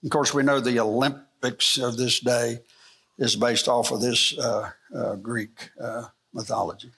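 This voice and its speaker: A man's voice: medium pitch, fairly even intonation, a little slow, gravelly, a bit bright, breathy edge. A man teaching a church Bible lesson, asking the room rhetorical questions and circling back with fillers and restarts. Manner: rhetorical questions, rising emphasis; rambling, frequent fillers and restarts.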